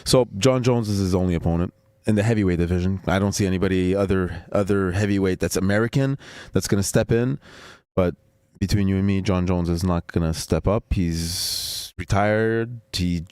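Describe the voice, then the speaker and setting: Male host, lowish voice, casual opinionated sports chat, dry. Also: normal speed, darkish tone, clean tone, no room sound. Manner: rambling, repeats words, opinionated. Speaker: podcast host.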